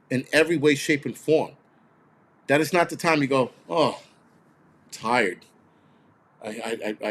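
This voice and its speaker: A man's voice: medium pitch, a little hiss or hum. Blunt, profane man ranting. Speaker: host of a prepper channel. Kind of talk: casual ranting video monologue.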